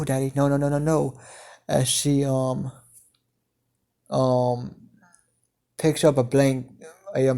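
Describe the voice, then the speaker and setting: Brief: man telling a story off the cuff, mellow gravelly voice, halting delivery. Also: medium pitch. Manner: halting, many fillers and restarts, chained "as she" clauses. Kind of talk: improvised fan-fiction narration.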